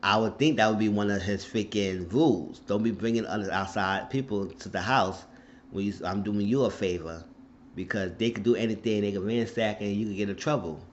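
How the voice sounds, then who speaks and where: Man, low-voiced, casual TV recap vlogger, blunt and profane, muffled lo-fi sound. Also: fairly quick, slight background noise. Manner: outspoken, profane, indignant.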